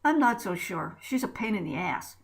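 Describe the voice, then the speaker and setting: A woman's voice: medium pitch, big pitch swings, moderate pace, vocal fry. A woman voicing a slender, restless man prisoner who sounds doubtful, in a read-aloud story.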